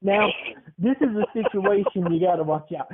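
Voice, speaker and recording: A man's voice: high voice, moderate pace, background noise, natural voice. A man voicing a tough older grandmother who hosts a wildlife show, speaking in a folksy, instructional way. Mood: instructive. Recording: tinny phone-like sound.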